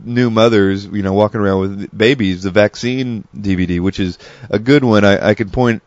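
A man's voice: fairly low pitch, steady tone, normal speed, darkish tone, no echo. A man telling meandering stories in a casual, chatty monologue full of asides. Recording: dull lo-fi dry recording.

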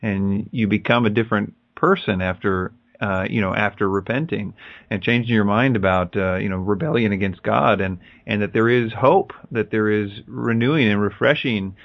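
Low voiced guy talking faith, keeps restarting and repeating, dull dry lo-fi sound. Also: no echo. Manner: halting, repeats words. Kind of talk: casual religious talk.

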